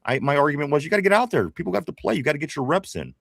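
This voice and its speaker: A man's voice: on the high side, sing-song, racing, gravelly, a bit bright, dry recording, studio quality. A man with a Pittsburgh accent hosting a casual sports talk show, reading viewer comments aloud, chatty, with frequent laughs and restarts. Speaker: podcast host reading live chat.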